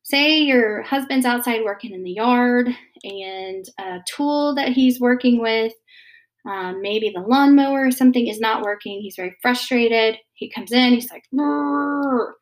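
Woman in her 30s chatting about parenting, soft and rambly, kinda high voice. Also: a little slow. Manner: gentle, many fillers and restarts. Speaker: mother giving parenting advice. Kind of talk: casual advice talk.

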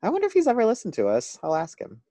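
A man co-hosting a podcast in casual chat, delivering things enthusiastically with quick asides. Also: high-pitched, huge pitch swings, dark tone. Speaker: podcast co-host.

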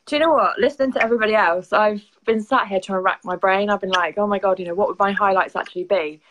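A woman's voice: medium pitch, fast talker, a bit bright, rough recording. A woman, a guest on a live stream, chatting casually and telling little stories. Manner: chatty, storytelling. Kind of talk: casual chat.

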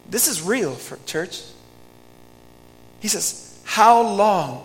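A man preaching a sermon as pastor, earnest and pleading, moving between loud emphasis and hushed lines. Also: on the high side, slow pace, in a large hall, a little hiss or hum, low-quality recording.

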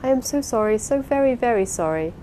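A woman reading the part of an impulsive, warm-hearted young wife in an audiobook, with an eager, pleading, apologetic manner. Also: a little high, expressive, fairly quick, slight background noise, voice pushed up, natural voice, low-quality recording.

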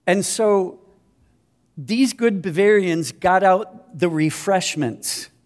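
A man in his fifties from Minnesota tells a personal testimony as a missionary speaker. His voice sits a little high for a man. He talks in an earnest, self-deprecating storytelling way. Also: takes it slowly, darkish tone. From Minnesota, USA.

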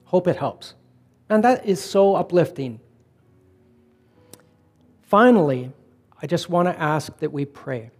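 A middle-aged man preaching a conversational sermon, telling personal stories in a relaxed way and slowing down to stress points. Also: fairly high pitch, faint music behind. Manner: relaxed storytelling, slowing for emphasis. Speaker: pastor.

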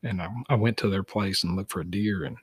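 Husky low-voiced storyteller. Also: male voice, fairly quick, dry recording. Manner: animated, acts out dialogue in stories. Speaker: guest, dog tracker for wounded deer. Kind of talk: casual storytelling.

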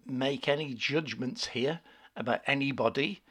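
A man co-hosting a casual film podcast, opinionated and quick to rant with exasperation. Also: mid-range voice, fairly bright tone. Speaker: podcast co-host.

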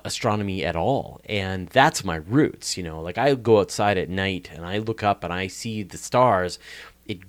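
A man with a Canadian accent, an astronomy podcast host, answering interview questions in an enthusiastic, rambling way with many restarts. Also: on the low side.

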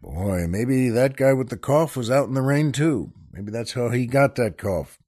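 An older man hosting a podcast, telling a long joke in a rambling, halting way with many restarts. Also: medium pitch, lively intonation, a little mellow, soft background music. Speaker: podcast host.

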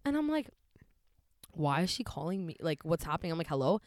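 A young woman in casual chat, telling an animated story full of swearing and quoted voices. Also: low voice, fairly quick, dry recording, clean studio sound.

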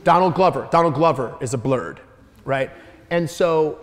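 A man from Detroit, a comedian telling stories in an onstage Q&A with lively, repetitive phrasing. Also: fairly high pitch, a little slow, big-room sound. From Detroit, USA. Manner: lively, repeats words while building up jokes. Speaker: guest comedian in a Q&A. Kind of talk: animated onstage storytelling.

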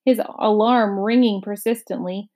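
A woman reading a children's novel aloud, in a steady, clear storytelling manner. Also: medium pitch, moderate pace. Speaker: storybook reader.

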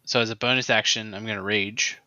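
A man's voice: fairly low pitch, fairly even intonation, a little fast, bright, forceful tone, muffled recording. A man playing a barbarian in a tabletop game, eager, counting his rolls aloud with mock exasperation. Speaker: player. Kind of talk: casual tabletop game play.

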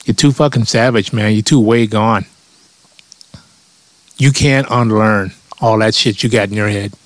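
A man's voice: lowish voice, fairly even intonation, measured pace, no room sound, close to an everyday voice. A man voicing a male Bigfoot alien who talks in a casual, profane, offhand way. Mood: dismissive. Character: stinky male Bigfoot alien, blunt and dismissive.

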